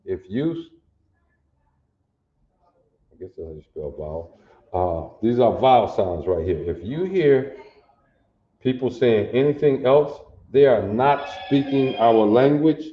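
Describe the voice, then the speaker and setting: A man teaching a language class, slow and patient, sounding out each syllable aloud. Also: medium pitch, expressive, echoey room, lo-fi sound. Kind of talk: classroom lesson.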